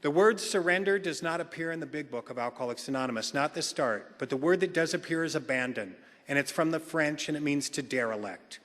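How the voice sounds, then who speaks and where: A man speaking as a recovery meeting speaker, telling a story in an animated, comic, colloquial way. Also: fairly high pitch, fairly quick, hardly any pauses. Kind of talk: storytelling talk. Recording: long hall reverb.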